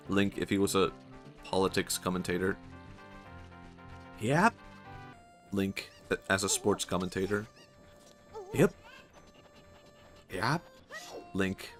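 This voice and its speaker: A man's voice: on the low side, a bit bright. A man with a Swedish accent, chatting casually and jokingly while streaming a game, often laughing. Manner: rambling, jokey, laughs often. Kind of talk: casual gameplay commentary.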